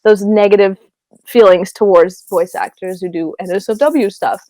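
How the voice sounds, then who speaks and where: A woman's voice: medium pitch, moderate pace, dark tone, no room sound. A woman voice actor chatting as an interview guest, giggly and gushing, rambling a bit as she talks. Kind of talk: casual interview chat.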